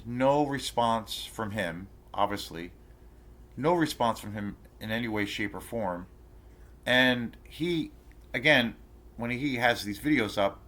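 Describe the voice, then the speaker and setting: A man with a fairly low voice rants to camera in a casual vlog. He rambles, swears freely and restarts his sentences, sounding indignant and outraged throughout. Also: a bit bright. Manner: rambling, profane storytelling full of fillers and restarts. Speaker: channel host ranting to camera.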